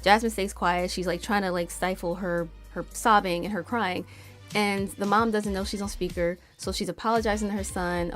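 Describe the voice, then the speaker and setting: A woman's voice: mid-range voice, steady tone, moderate pace, a bit bright, faint music behind. A woman hosting a storytime, casually retelling a story and acting out the quotes, with lots of "like". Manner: chatty, retells stories acting out quotes with frequent "like". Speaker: storytime host.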